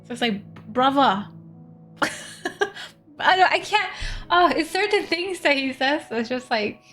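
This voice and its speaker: A woman's voice: sits high, expressive, measured pace, bright, forceful tone, soft background music. A young woman from Sweden, a streamer chatting casually and giggling as she plays a game. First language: Swedish. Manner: chatty and giggly, reads game text aloud. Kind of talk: casual gameplay chat.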